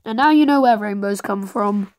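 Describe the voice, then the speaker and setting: A woman's voice: medium pitch, moderate pace, darkish tone, no echo. A woman telling a rambling, playful made-up story while drawing, with sudden dramatic outbursts.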